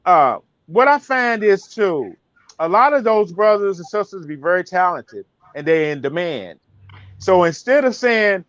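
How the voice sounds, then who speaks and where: High-voiced man in a dry, dull recording. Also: expressive, unhurried, fairly bright tone, no echo. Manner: preachy, addresses listeners directly. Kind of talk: casual talk show discussion.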